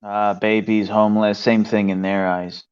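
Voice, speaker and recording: A man's voice: fairly low pitch, little pitch movement, normal speed, darkish tone, clear, resonant tone. A man playing a tabletop game, blunt and profane, pressing the others with incredulous questions. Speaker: player. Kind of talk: casual tabletop role-play. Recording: dull lo-fi mic.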